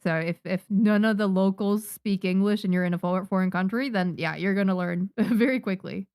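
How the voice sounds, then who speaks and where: A woman from Japan, a native Japanese speaker, chatting casually with her live-stream viewers while she draws manga, excitable and quick to laugh. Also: mid-range voice, clear, resonant tone, no room sound, studio quality.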